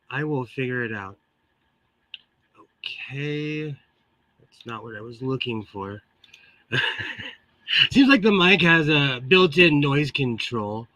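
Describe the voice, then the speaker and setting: A middle-aged man with a rather high, shrill, bright voice chats unhurriedly on his live stream, greeting viewers by name between laughs. His pitch swings widely as he talks into a computer microphone in his sewing room at home. The sound is close and dry. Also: no echo. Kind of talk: casual live-stream chat.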